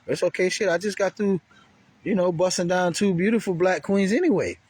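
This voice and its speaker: Husky man telling a profane story. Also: high voice, a little fast, a little mellow. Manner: rambling and profane, heavy slang. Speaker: vlogger. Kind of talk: casual storytelling.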